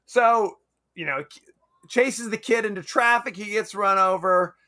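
A podcast co-host with a high, unhurried voice chats casually about a movie, laughing often. He's animated and acts out lines of dialogue from it.

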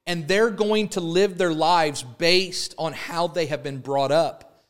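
A man preaching a sermon, building emphatic repeated lines and explaining an object lesson. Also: fairly high pitch. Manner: preaching with rising emphatic repetition; holds up an arrow as a prop. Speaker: pastor.

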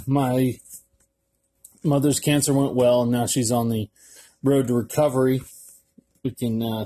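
A male podcast host talks through an article in a loose, rambling manner, full of fillers and the odd curse word. His voice sits at a middling pitch and sounds mellow and soft-edged. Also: slightly rough. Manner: rambling and offhand, with frequent fillers and cursing. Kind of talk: casual solo podcast, reading an article aloud.

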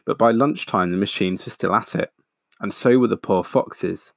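A man reading a children's picture book aloud, steady and expressive. His low voice has a gravelly fry, and the sound is dry and close. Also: normal speed, dry recording. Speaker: storyteller.

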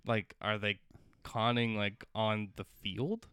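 A man's voice: on the low side, level tone, slow pace, fairly bright tone, smooth, no echo, studio quality. A young man co-hosting a podcast, chatting casually and hesitating with lots of fillers. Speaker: podcast co-host. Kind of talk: casual chat.

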